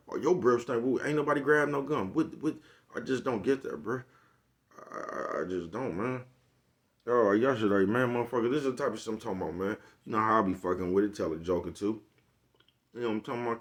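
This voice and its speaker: A man vlogging a casual comedic rant to camera, laughing often and leaning on slangy, profane street talk with a repeated catchphrase. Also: lowish voice. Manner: laughs often, repeats "you know what I'm talking about".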